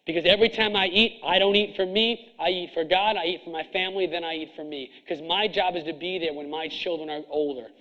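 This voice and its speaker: A middle-aged man with a high voice delivers a fervent, preachy motivational talk, hammering his points home by repeating them. The recording is dull and lo-fi. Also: fairly even intonation, brisk, hardly any pauses, sharp tone. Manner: intense, preachy, repeats himself for emphasis. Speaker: chiropractor speaking to students.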